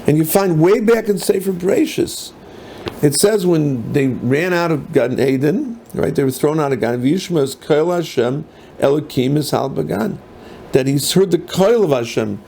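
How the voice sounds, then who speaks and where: Older rabbi with a gravelly voice. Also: male voice, fairly high pitch, lively intonation, normal speed, warm tone. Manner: mixes Hebrew and Yiddish terms, rhetorical questions. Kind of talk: Torah lecture. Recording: faint background noise.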